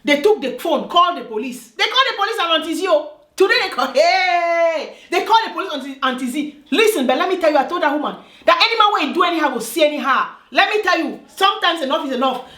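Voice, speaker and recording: A woman's voice: very high-pitched, expressive, quick pace, fairly bright tone. A woman from Africa telling a personal story in a vlog, emphatic and repetitive, often checking "do you understand?". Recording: roomy echo.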